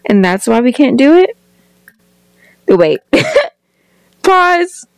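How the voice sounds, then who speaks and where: A woman's voice: fairly high pitch, sing-song, slow pace, creaky, warm tone, no echo. Chatty young woman narrating gameplay. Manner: chatty, exclaims often, narrates characters' thoughts. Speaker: gameplay vlogger. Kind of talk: casual life-sim gameplay commentary.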